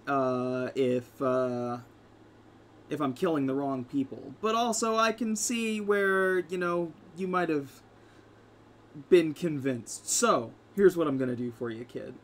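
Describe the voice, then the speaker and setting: A man's voice: on the high side, a little slow, a bit bright, slight background noise. Man voicing a smug devilish dealmaker. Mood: sly. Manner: folksy, calls people kid.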